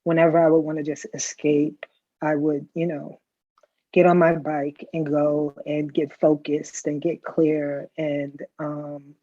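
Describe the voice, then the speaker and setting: A middle-aged woman tells stories on a video call, often tagging her lines with "right?". Her voice sits on the low side, and the sound is dull and lo-fi. It comes through dry and close. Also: little pitch movement, measured pace, mellow, no echo. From the Bronx, New York. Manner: chatty storyteller, tags lines with "right?". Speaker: customer guest. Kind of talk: casual chat.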